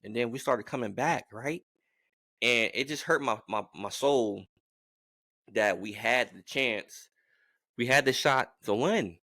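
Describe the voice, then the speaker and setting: A man vlogging as a sports fan, giving a rambling, animated game prediction in casual talk. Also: mid-range voice, unhurried, dry recording. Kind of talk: casual sports opinion monologue.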